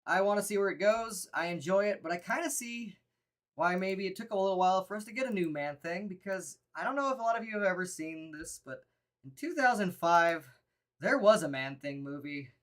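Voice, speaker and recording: A woman's voice: mid-range voice, lively intonation, a little fast. A woman co-hosting a live horror movie review, chatting casually and laughing often between rambling remarks.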